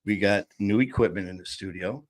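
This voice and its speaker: A man's voice: on the low side, fairly quick. Rambling, joking man hosting a live show. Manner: rambling, joking, restarts and laughs. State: a little loopy after anesthesia. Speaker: host. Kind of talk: casual live-stream chat. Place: small home studio. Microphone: table-mounted studio mic.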